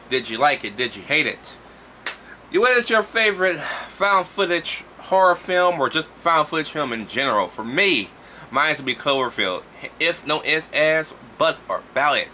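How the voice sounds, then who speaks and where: A man giving a casual, profane movie review, talking in an animated, exasperated way. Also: a little high, normal speed, slight background noise.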